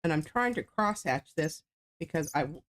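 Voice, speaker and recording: A woman chatting through a craft demo in a fairly low voice. Her pitch moves up and down a lot as she explains each step while she paints. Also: animated, moderate pace. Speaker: artist demonstrating stamping. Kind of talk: casual craft demo chat.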